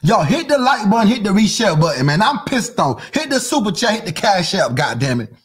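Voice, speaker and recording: This male podcast host rants comedically, his husky, faintly breathy voice sitting high and lurching up and down in a sing-song way. He speaks fairly quickly in a loud, foul-mouthed rush, regularly breaking into mock voices and chanted bits.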